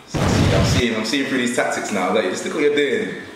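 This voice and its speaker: A man's voice: mid-range voice, a little fast, recorded from a distance. A young man, chatting casually and teasing, laughing often. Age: young adult. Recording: very echoey room, faint noise.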